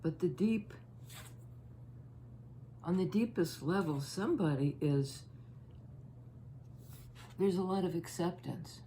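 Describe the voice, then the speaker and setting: A woman giving a casual tarot reading, musing and halting as she thinks aloud over each card. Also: lowish voice, mellow, a little hiss or hum. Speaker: tarot reader.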